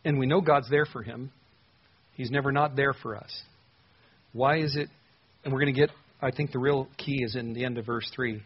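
Husky-voiced man preaching conversationally. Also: mid-range voice, normal speed, lo-fi sound. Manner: conversational, frequent "uh" fillers, animated emphasis. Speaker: pastor. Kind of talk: expository sermon.

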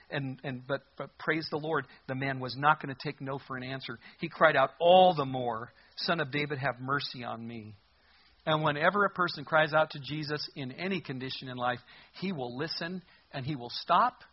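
A man delivers a sermon with fervent conviction, his voice husky and pitched a little high. He swells into loud, emphatic bursts when a point matters and acts out the voices in the story he is telling. The recording is dull and lo-fi. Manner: passionate preaching, rising to loud emphatic outbursts. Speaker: pastor.

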